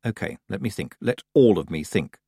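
A man's voice: lowish voice, lively intonation, moderate pace, vocal fry, mellow, breathy edge, dry recording, studio quality, exaggerated voice. A man reading an audiobook, voicing an earnest, stubborn young witch girl. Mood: thoughtful. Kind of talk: audiobook character voice.

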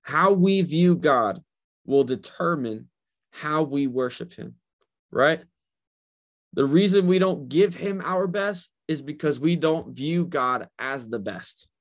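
Żarliwy pastor wygłaszający kazanie, nieco wysoki głos. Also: male voice, fairly high pitch, expressive, slow pace. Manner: preaching with rising intensity, repeating phrases, asking "right?"; paraphrases God in a casual voice. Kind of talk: sermon.

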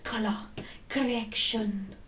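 A woman's voice: medium pitch, fairly even intonation, takes it slowly, fairly bright tone. A woman in her twenties co-hosting a podcast, rambling, giggling and swearing. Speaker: podcast co-host. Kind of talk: casual chat.

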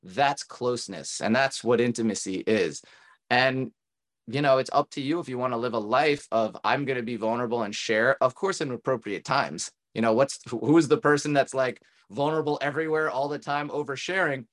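A man's voice: mid-range voice, fairly quick. A man, a tantra coach and podcast guest, speaking earnestly and encouragingly in reflective, run-on thoughts in a casual conversation.

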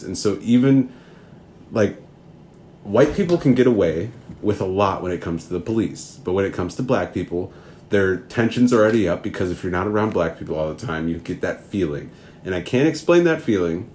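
Low-voiced guy from minnesota, earnest, keeps restarting his sentences, faint background hum. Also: a little mellow. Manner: earnest, rambling with many restarts. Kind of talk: reflective spoken answer.

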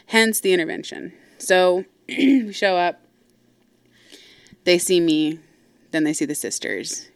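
A woman's voice: lowish voice, measured pace, long pauses, clean tone, no echo. A woman host telling a personal story casually, blunt and profane, with lots of asides. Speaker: podcast host.

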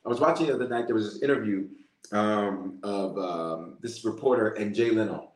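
A male bishop preaching in a lively storytelling way and calling out to his listeners. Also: lowish voice, moderate pace, reverberant. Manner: storytelling, animated, calls out to listeners. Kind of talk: sermon-style prayer message.

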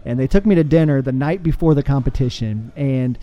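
A man's voice: medium pitch, fairly quick, lo-fi sound. A man with a Texan accent, a firefighter guest, speaking earnestly in a casual interview and laughing often. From United States.

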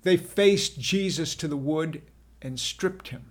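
A man narrating a dramatic scripture retelling as the apostle Peter, in a deliberate, solemn way. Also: a little high.

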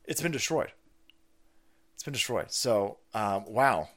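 A man hosting a livestream, ranting in profane, mocking commentary and swinging between loud outbursts and low mutters. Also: lively intonation, unhurried. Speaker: livestream host.

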